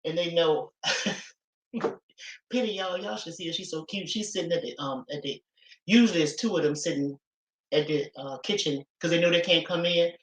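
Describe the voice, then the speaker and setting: This woman's voice is fairly low, at normal speed with frequent pauses, and the recording quality is low. Live streaming from her laptop at home, she moves from kitchen to living room while casually telling a story, cursing freely and chatting directly to viewers as y'all.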